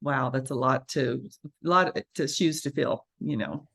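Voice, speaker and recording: A woman, a registered nurse, telling her story as a guest in a casual interview, animated and acting out the voices she quotes. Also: extremely low pitch, a little slow, gravelly.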